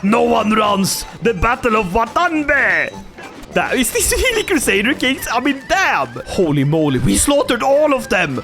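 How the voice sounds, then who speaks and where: A man giving energetic, jokey commentary on his strategy game playthrough, sometimes putting on voices for the characters. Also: very high-pitched, a little slow, gravelly, faint music behind. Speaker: gaming YouTuber.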